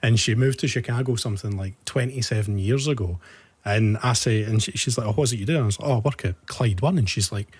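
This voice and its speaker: Husky-voiced Scottish host. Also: male voice, on the low side, brisk. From Scotland. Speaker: podcast host. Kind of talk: casual chat.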